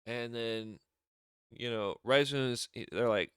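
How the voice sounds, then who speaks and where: A man's voice: medium pitch, animated, normal speed, fairly bright tone, clean tone, no echo, studio quality. A man giving a rambling, casual recap as a show reviewer, often acting out quotes. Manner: rambling, acts out wrestlers' lines in raised voice.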